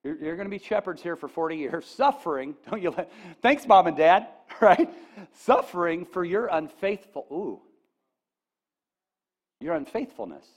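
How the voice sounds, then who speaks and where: Animated high-voiced preacher man. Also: moderate pace. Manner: animated, rising to near-shouts on quoted lines; folksy asides, addresses audience with "okay?". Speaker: pastor. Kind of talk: sermon.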